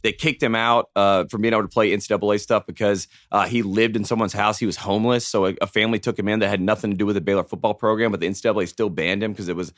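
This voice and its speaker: Low-voiced man telling rambling sports stories. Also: rapid-fire, few pauses, dry recording, clean studio sound. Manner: animated, rambling storyteller with many restarts. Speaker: podcast co-host. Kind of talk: casual sports chat.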